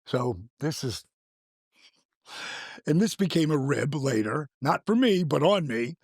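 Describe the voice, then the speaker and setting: An older man with a gravelly voice, animated and swearing freely as he tells a story in casual chat, acting out the quotes. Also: a little high, unhurried, no room sound, studio quality. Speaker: guest.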